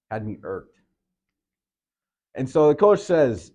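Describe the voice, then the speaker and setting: A man giving a motivational speech to a sports team, retelling a film scene and acting out the coach, rising to loud shouted coaching. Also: medium pitch, big pitch swings, slow pace, pauses often, muffled recording. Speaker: motivational speaker.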